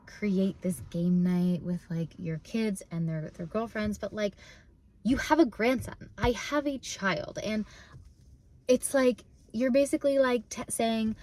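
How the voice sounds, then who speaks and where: A woman's voice: medium pitch, darkish tone. A young woman vlogging from her parked car, talking in a rambling way with many fillers and restarts, close to tears. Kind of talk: casual emotional vlog.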